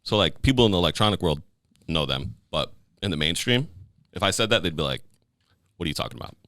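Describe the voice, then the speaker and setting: A man's voice: low-pitched, animated, quick pace, pushed and bright, no room sound, clean studio sound. A male podcast host chatting casually, joking and laughing a lot. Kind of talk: casual chat.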